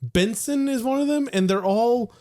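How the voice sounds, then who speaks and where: A man's voice: very high voice, moderate pace, mellow. A man co-hosting a podcast in casual chat, laughing often and restarting his sentences. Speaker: podcast co-host.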